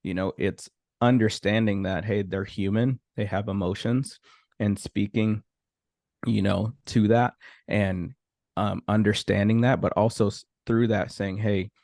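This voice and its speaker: Low-voiced man, casual and easygoing. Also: fairly even intonation, unhurried, darkish tone, no echo, clean studio sound. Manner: easygoing, full of "you know" fillers. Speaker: podcast host. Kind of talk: casual conversation.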